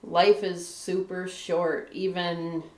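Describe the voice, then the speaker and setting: A woman's voice: on the low side, level tone, slow pace, darkish tone, reverberant. A woman from Michigan, a guest author on a live stream, talking candidly in casual chat, with a lot of "like" and "you know" and frequent laughs.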